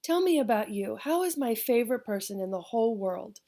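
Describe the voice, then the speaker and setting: Lady reading as a sweet old grandma w/ thick spanish accent, soft mellow voice, audiobook. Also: on the high side, animated, fairly quick. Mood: affectionate. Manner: gentle, affectionate, laughing.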